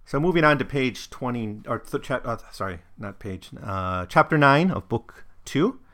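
A man's voice: medium pitch, lively intonation, normal speed, fairly bright tone. A man discussing a novel and reading passages aloud, thoughtful, with frequent ums and restarts. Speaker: book reviewer.

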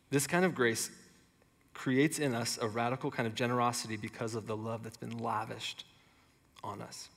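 A man's voice: mid-range voice, level tone, normal speed, fairly bright tone. A male pastor giving a sermon in a casual, conversational way. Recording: long hall reverb.

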